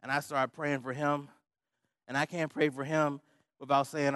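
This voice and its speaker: A man's voice: a little high, level tone, normal speed, fairly bright tone, no room sound, studio quality. A middle-aged man preaching a sermon, telling a personal story in a humorous, conversational way and laughing often. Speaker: pastor.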